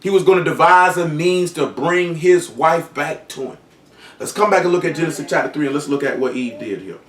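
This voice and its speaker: Echoey, distant preacher, raised voice. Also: male voice, on the high side, brisk. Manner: reads scripture aloud, then explains it in loose colloquial speech. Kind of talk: sermon.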